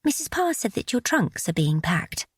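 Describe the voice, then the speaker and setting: A woman voicing a young English lady in an audiobook, speaking in a high, anxious, pleading voice. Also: sing-song, moderate pace, breathy edge, dry recording, studio quality. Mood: worried pleading. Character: fretful young English lady, eager and kind.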